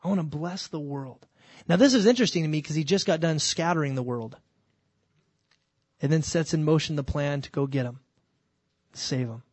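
A man preaching a sermon, animated and emphatic, acting out quoted voices as he teaches from scripture. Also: on the high side, a little fast, long pauses, no room sound. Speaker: pastor.

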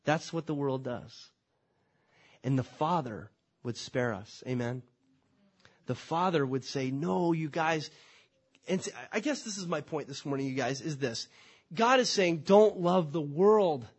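Pastor, male, husky and a bit high-voiced, conversational preacher with rhetorical questions. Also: lively intonation, a little slow, long pauses. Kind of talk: sermon.

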